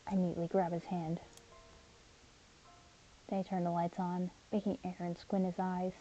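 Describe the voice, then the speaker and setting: A woman narrating a first-person audio story as a caring, protective young man named Caleb, in an earnest, steady manner. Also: on the low side, unhurried, muffled recording, soft background music. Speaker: narrator and voice actor.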